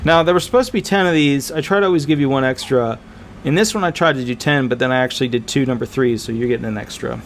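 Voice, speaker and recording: A man speaking as a disability attorney, giving casual, animated advice to viewers, emphatic and repetitive with frequent fillers. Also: mid-range voice, quick pace, slight background noise. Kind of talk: casual advice talk to camera.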